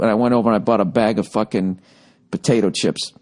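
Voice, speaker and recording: A man's voice: fairly low pitch, fairly quick, darkish tone. A man hosting a podcast, telling a story in a casual monologue, ranting and swearing freely. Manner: profane, ranting. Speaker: podcast host.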